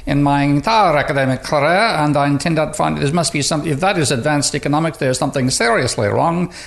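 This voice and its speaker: A man's voice: fairly high pitch, fast talker, vocal fry, voice pushed up. A man voicing an indignant male physicist in a put-on Austrian accent, scornful and emphatic.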